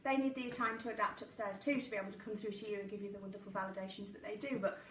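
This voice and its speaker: A woman's voice: mid-range voice, fairly even intonation, racing. A woman hosting a casual live stream as a psychic medium, chatty and jokey, at home. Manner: chatty, warm-hearted, jokey. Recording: roomy echo, voice a bit far from the mic, faint background hiss.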